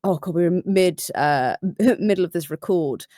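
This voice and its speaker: A woman voice actor chatting casually on a live stream, animated and self-mocking. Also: lowish voice, moderate pace, no room sound, studio quality. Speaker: voice actor guest.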